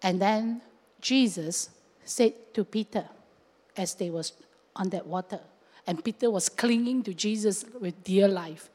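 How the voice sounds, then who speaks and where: A woman pastor preaching a sermon, lively and acting out scenes with local fillers. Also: medium pitch, unhurried. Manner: animated, acts out scenes and voices, with local fillers like lah. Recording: long hall reverb.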